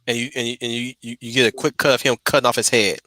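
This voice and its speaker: Male host, bright forceful tone, dry close sound, casual stream talk full of restarts and repeated words. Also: mid-range voice, little pitch movement, fast talker, no room sound.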